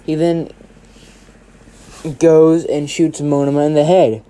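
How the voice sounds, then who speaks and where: A man's voice: on the high side, level tone, slow, dark tone, smooth. A man narrating an improvised fan story in a rambling way, swearing and tagging lines with "right?". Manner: rambling, swears a lot, keeps saying "right?".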